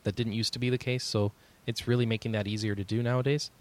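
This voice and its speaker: A man hosting a casual podcast chat, easygoing and quick to laugh. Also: mid-range voice, level tone. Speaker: podcast host.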